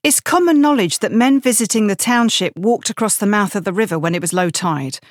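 A woman's voice: mid-range voice, animated, brisk, dry recording, studio quality, lightly acted. A woman voicing an indignant, talkative male soldier in an audiobook.

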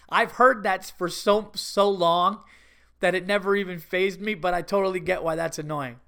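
Laughing, animated male podcast host. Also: high-pitched, moderate pace, clear, resonant tone. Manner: animated, laughs through stories, swears freely. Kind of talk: casual storytelling monologue.

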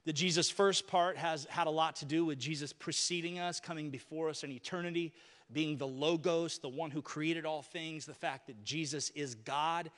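A man preaches a sermon in a conversational way, talking to his congregation. His voice sits fairly high for a man. The church adds a long reverb tail. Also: steady tone, normal speed, fairly bright tone. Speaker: pastor. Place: church sanctuary.

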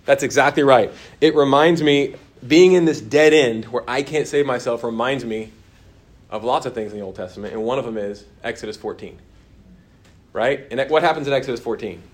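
A man teaching a church Bible course, talking with his class and often dropping to a quiet, emphatic tone. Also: medium pitch, fairly quick. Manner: conversational, answers class comments, drops to quiet emphasis.

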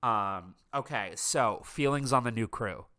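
Bright, clear-voiced gossipy man. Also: mid-range voice. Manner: gossipy, opinionated, quick to laugh. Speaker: podcast co-host. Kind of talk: casual reality-TV recap chat.

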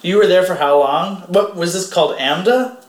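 A man hosts a relaxed interview, laughing easily and asking questions in a friendly way. His voice is a bit high for a man, and the room around him rings with echo. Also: a little fast. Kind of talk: casual interview. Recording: echoey room.

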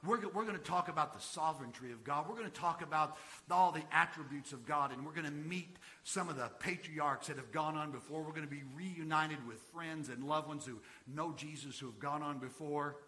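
A man preaching a sermon to his congregation. He swings between soaring, emphatic peaks and quiet, hushed asides. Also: fairly high pitch, a little fast, hardly any pauses. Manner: preaching that swells to shouted climaxes and drops to quiet asides. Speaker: pastor. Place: church sanctuary.

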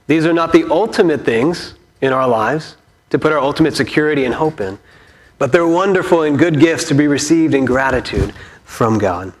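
A man's voice: a little high, expressive, normal speed. A man preaching a sermon as pastor, conversational and storytelling, posing questions to the congregation.

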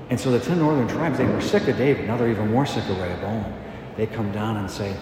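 A man's voice: fairly low pitch, brisk. Guy priest giving a homily, chatty, big echoey church, some hiss behind. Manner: conversational, acts out biblical voices. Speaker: parish priest. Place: large church.

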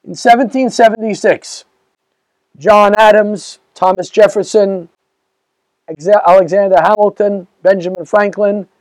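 A rabbi giving a lecture to a live audience, animated and rhetorical, putting questions to the listeners. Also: male voice, high-pitched, no room sound, rough recording.

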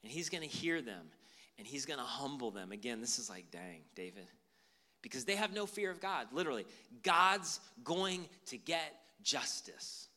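A man preaching a sermon as pastor, animated and conversational. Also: mid-range voice, normal speed.

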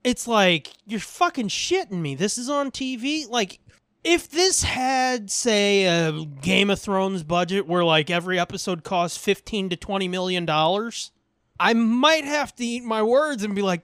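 A man's voice: sits high, lively intonation, measured pace, a bit bright, clean tone, no echo, studio quality. A man co-hosting a podcast in casual chat, swearing freely, rambling through stories and laughing often. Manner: profane, rambling, laughs a lot. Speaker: podcast co-host.

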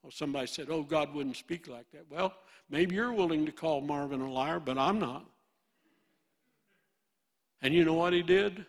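A man in his eighties with a Midwestern American accent, preaching a sermon and swinging from loud bursts to hushed storytelling. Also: on the high side, normal speed, vocal fry, pauses often. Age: 80s.

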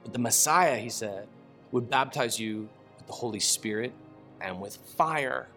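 A man giving a casual Bible teaching, reading scripture aloud and breaking into slangy, animated asides with laughter. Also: medium pitch, a little slow, faint music behind.

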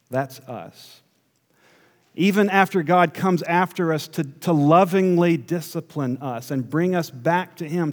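In a big hall with lingering reverb, a male pastor preaches, his fairly high voice slipping into quiet asides and then building into forceful, emphatic stretches.

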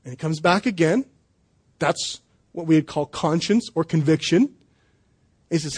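A man's voice: fairly high pitch, a little slow, breathy edge. A man preaching a sermon at a church service in a loose, conversational way, with jokes and restarts. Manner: conversational, joking, with fillers and restarts. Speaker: pastor.

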